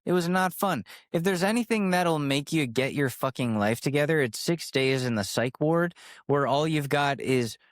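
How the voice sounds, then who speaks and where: A man's voice: fairly high pitch, lively intonation, moderate pace, no echo, studio quality. A young man in his twenties hosting a podcast, telling a personal story in a rambling, profane, self-mocking way that keeps drifting off on tangents. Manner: jumps from sidetrack to sidetrack. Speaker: podcast host. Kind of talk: candid storytelling rant.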